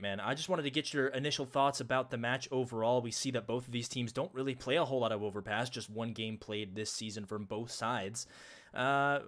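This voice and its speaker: A man's voice: mid-range voice, a bit bright. Upbeat male esports caster. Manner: upbeat, announcer-like welcomes and fast transitions. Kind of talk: live match commentary.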